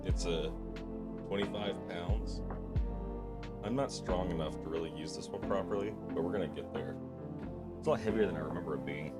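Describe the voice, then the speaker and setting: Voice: sits low, normal speed, long pauses, loud music behind the voice. A livestreamer chatting casually on stream in a self-mocking, talkative way.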